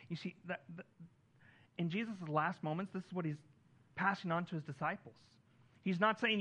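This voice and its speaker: High, bright-voiced preaching man. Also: moderate pace, pauses often, dull audio. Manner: earnest preaching, rises on key lines and drops soft on others. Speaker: pastor. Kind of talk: sermon.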